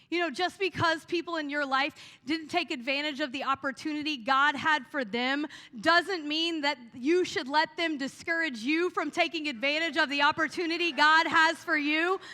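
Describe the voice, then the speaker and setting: A woman pastor preaching a sermon, telling the story with lively energy and saying "y'all" to the congregation. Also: high-pitched, normal speed, few pauses, in a large hall. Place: church hall.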